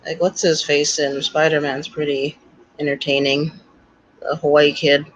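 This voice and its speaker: A man's voice: a little high, level tone, measured pace, a bit bright. Tired-sounding man on a call. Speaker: guest on a chat stream. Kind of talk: casual chat. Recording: muffled lo-fi call audio.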